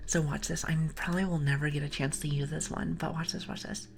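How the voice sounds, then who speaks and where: A young woman streaming ASMR, chatting and giggling with her viewers in a soft, often whispered voice on a close mic. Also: sits low, level tone, fast, creaky, slight background noise. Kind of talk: whispered ASMR livestream chat.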